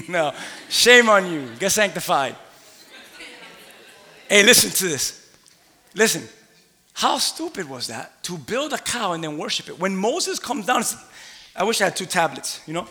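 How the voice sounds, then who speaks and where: A man preaching a sermon in a church, animated, laughing, and rising to shouts. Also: high voice, measured pace, pauses often. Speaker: pastor. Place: church sanctuary. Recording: long hall reverb.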